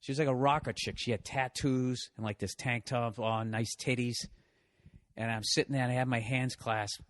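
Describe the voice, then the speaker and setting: A middle-aged male podcast host speaks at a moderate pace in a medium, fairly bright voice with fairly even intonation, recorded cleanly in a studio with no room sound. He rambles through a comic story at his own expense, laughing and swearing all the way.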